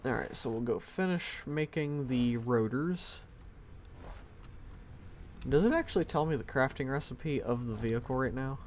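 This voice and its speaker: A man's voice: mid-range voice, animated, normal speed, darkish tone, a little hiss or hum. A man streaming a game live from home on a headset mic, thinking aloud in a rambling, self-deprecating way. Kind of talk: casual live-stream commentary.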